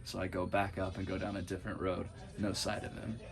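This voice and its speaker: A man telling a road-trip story in a casual, animated way, laughing often as he talks. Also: low-pitched, fairly quick, gravelly. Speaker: support driver for a cross-country bike ride.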